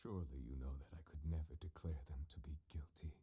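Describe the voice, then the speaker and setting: A deep-voiced dignified judge. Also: male voice, fairly even intonation, mellow, slightly rough, heavily acted. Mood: reflective. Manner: measured, formal and composed. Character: ancient male judge, calm and dignified. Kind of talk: game voice acting.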